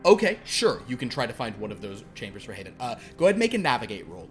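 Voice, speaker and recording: A man's voice: medium pitch, wildly swooping pitch, fast talker, soft background music. A man narrating as game master of a tabletop horror game, loose and rambling with many fillers.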